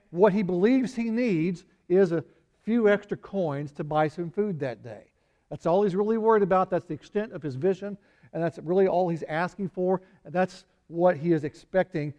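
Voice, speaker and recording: A pastor with a high-pitched, darkish voice preaches a conversational Bible sermon at normal speed. He acts out quoted lines, adding small laughs and sighs.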